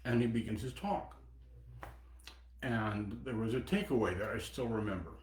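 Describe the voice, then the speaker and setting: A man in his seventies giving a dharma talk as a Buddhist teacher, reflective, pausing and personal. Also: lowish voice, slight background noise. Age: 70s. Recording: echoey meeting room.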